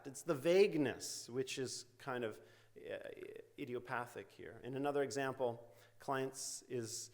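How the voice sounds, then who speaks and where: A man's voice: medium pitch, measured pace, a little mellow. A middle-aged man giving an academic lecture in a university hall, talking loosely with fillers and "right?" tag questions. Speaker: invited lecturer, psychology researcher. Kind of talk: academic lecture with quoted therapy examples.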